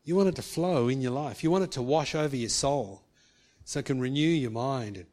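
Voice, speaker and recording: A man's voice: mid-range voice, brisk, a little mellow. A man preaching a sermon, earnest, acting out quoted speech and rising to emphatic peaks. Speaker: pastor.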